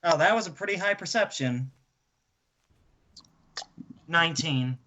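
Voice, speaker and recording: A woman's voice: fairly low pitch, lively intonation, a little slow, a bit bright, dull audio. A woman playing a tabletop game, rambling playfully as she tells a story in character. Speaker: player.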